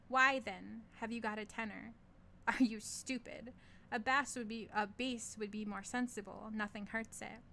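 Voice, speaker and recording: A woman's voice: fairly high pitch, fairly even intonation, a little slow, gravelly, pushed and bright, slight background noise, heavily acted. A woman reading the lines of an impetuous, temperamental young Frenchman, impatient and scornful. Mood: angry scorn.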